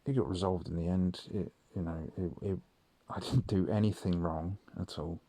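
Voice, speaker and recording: A man's voice: sits low, fairly even intonation, normal speed, mellow, breathy edge, no echo. A man telling stories in a rambling late-night audio log, full of ums and casual swearing. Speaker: vlogger.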